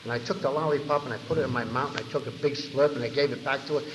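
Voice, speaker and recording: Speaking to a big crowd in a convention hall, this recovery meeting speaker from New York talks fast in a mid-range voice, an animated storyteller who performs others' lines. The background is noisy, and the dull 1990 hall recording has a long echo.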